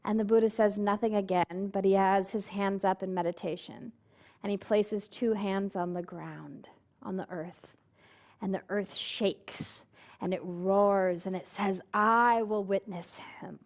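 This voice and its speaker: A woman's voice: mid-range voice, fairly even intonation, unhurried, a little mellow. A woman minister preaching a sermon, telling a story and putting on quoted voices, and asking the congregation questions directly.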